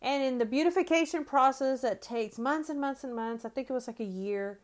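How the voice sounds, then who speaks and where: Casting: woman, fifties, faith podcast host, chatty and searching, voice slightly high. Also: fairly quick. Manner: conversational, frequent "right?" and restarts. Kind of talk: faith-based podcast teaching.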